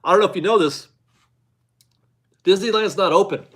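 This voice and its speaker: Hosting a casual live stream, a man reads viewer chat and talks loosely, rambling, laughing often and restarting his sentences. His voice is high and fairly bright, at a normal speed.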